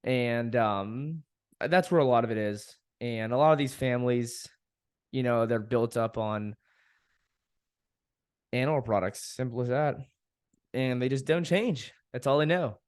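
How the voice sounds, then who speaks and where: A man's voice: mid-range voice, unhurried, pauses often, clear, resonant tone, no room sound, studio quality. A young man hosting a podcast, talking casually and frankly, venting with frequent swearing and laughing at himself. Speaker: podcast host. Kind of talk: casual solo podcast monologue.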